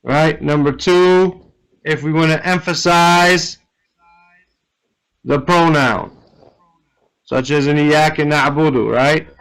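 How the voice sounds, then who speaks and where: Slow-paced man teaching Arabic grammar. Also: on the high side, smooth, low-quality recording. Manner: explains step by step, checks in with "right?". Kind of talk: online lesson explanation.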